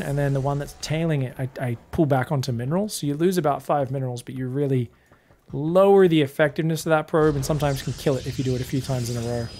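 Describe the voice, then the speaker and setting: A man casting a live strategy game match with excitable, casual play-by-play that swings between hype and relaxed chat with viewers. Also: fairly high pitch, slight background noise. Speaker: esports caster.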